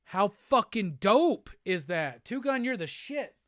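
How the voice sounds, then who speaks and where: A male host chatting casually on a livestream while unboxing gifts, excitable and profane. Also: high-pitched, unhurried, no room sound, clean studio sound.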